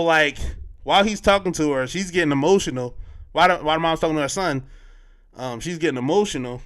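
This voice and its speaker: A man's voice: on the high side, fairly bright tone. A man hosting a podcast, recapping a film in loose, slangy casual chat, full of fillers and restarts. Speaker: podcast host.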